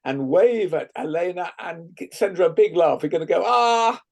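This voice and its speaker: A man leading a guided laughter exercise over a video call, playful and gently coaxing, often laughing. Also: a little high, normal speed, creaky. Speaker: laughter workshop leader.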